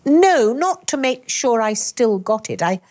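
An older woman with a Glasgow Scottish accent, an actress talking in an interview, carefully enunciating and finishing every word with a crisp snap. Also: a little high, big pitch swings, a little mellow. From Britain. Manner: crisp, deliberate enunciation with emphatic word endings. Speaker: actress and author, interview guest. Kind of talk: conversational interview.

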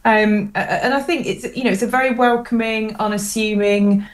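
A woman's voice: on the high side, fairly even intonation, normal speed. A woman with a posh southern English accent, chatting as a guest on a phone interview, talkative with frequent ums and easy laughter. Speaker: guest commentator.

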